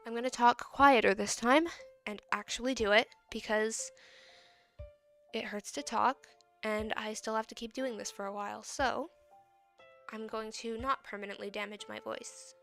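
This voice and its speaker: A woman's voice: fairly high pitch, fairly even intonation, normal speed, a bit bright, faint music behind. An eighteen-year-old woman VTuber in casual, rambling chat on a desk mic. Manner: rambling, chatty.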